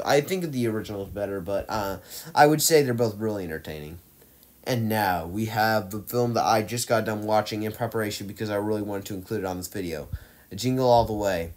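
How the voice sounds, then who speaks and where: A man casually ranking movies on his own channel, rambling with lots of fillers and restarts, getting louder and softer as his enthusiasm rises and fades. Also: on the low side. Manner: enthusiastic, swings loud and soft. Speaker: movie reviewer ranking films. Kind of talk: casual rambling tier-list vlog.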